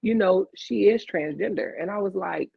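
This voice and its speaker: A woman's voice: mid-range voice, moderate pace, gravelly, husky, no echo. A woman with a Louisiana accent telling a story on a video call, acting out the dialogue. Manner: animated, acts out quoted dialogue. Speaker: interview guest. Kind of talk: casual storytelling. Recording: dull lo-fi video call audio.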